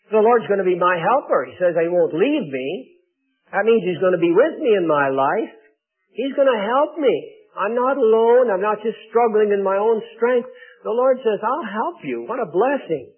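A man's voice: high-pitched, slightly rough. A man preaching an earnest, conversational sermon and reading scripture aloud. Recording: narrow phone-like radio broadcast.

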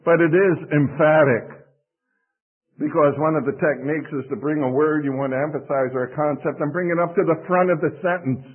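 A man preaching a sermon, teaching through a book of scripture with emphatic stress, pitch swinging up and down for emphasis. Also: steady tone, brisk. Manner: emphatic, rising and dropping sharply for stress. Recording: tinny phone-like radio broadcast.

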